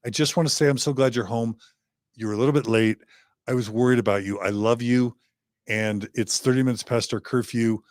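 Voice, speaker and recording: A man's voice: mid-range voice, fairly even intonation, fairly quick, dry recording, studio quality, voice pushed down, natural voice. A man playing a father who confronts his teenage daughter over curfew in a role-play. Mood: gentle. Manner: insistent, then gentle and coaxing. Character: strict father scolding his teen daughter.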